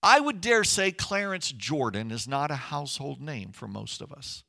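A man's voice: medium pitch, big pitch swings, normal speed, gravelly, bright, forceful tone. A middle-aged man preaching a sermon as pastor, earnest and conversational, with emphatic rises.

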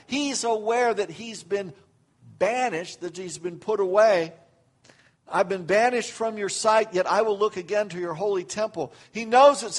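An older man preaching a sermon as pastor, acting out quoted prayers with rising emphasis. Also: high-pitched.

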